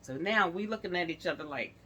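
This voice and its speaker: A woman vlogger tells a story straight to her viewers in a bright, forceful voice. Her pitch swings widely as she acts out each person she quotes. She keeps it casual and chatty throughout. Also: animated, brisk, slight background noise.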